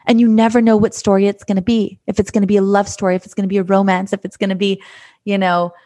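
A woman coach talking in a gentle, earnest monologue, often repeating her phrases as she reflects. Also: medium pitch, little pitch movement, fast.

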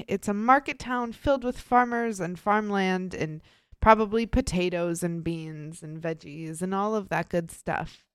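A woman's voice: medium pitch, smooth, no echo. A woman co-hosting a true crime podcast, talking in a casual, upbeat, chatty way with lots of fillers. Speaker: podcast co-host presenting the case.

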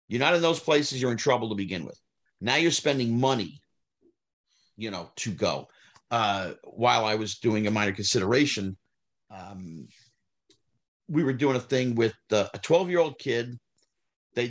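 Animated middle-aged man telling stories. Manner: animated, rises sharply when heated, trails off low. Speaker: guest, former child actor. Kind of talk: casual storytelling interview.

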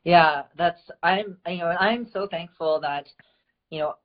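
A woman's voice: on the low side, measured pace, muffled recording. A woman from the United States hosting a live stream, talking in a gushing, heartfelt way with many fillers. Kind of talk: casual live-stream chat.

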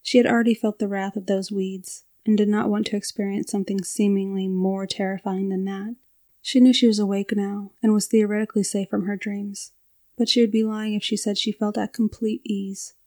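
Even-toned woman narrating a story. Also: mid-range voice, a little fast.

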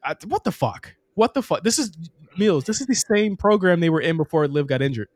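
A young man co-hosting a casual wrestling podcast, talking fast and profanely and laughing often. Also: a little high, animated, a little mellow, no room sound. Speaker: podcast co-host.

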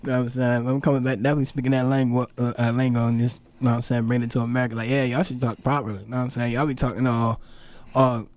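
A man's voice: mid-range voice, level tone, quick pace, darkish tone. Laughing young man with a Baltimore accent. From Baltimore, Maryland. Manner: laughing, leans on "know what I'm saying". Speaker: podcast co-host. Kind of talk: casual chat.

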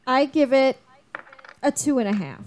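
A woman's voice: high voice, expressive, moderate pace, a little mellow. Playful woman co-hosting a podcast. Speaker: podcast co-host. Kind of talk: casual film chat.

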